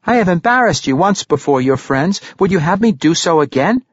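A man's voice: sits high, expressive, a little fast, slightly rough, no room sound, dull audio, pitched above the performer's own voice. A man voicing a nimble young male halfling who taunts a bigger opponent in an audiobook. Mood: taunting. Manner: taunting, cool.

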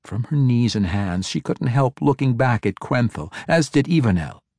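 A man narrating a fantasy audiobook with a dramatic, expressive reading. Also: mid-range voice, normal speed, no room sound, studio quality.

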